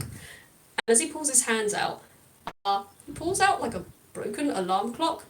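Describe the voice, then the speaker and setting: A woman game master narrates a tabletop game in a chatty, digressive way. Her voice sits a little high and sounds set back from the microphone, with a faint hiss behind it. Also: big pitch swings, unhurried, distant mic.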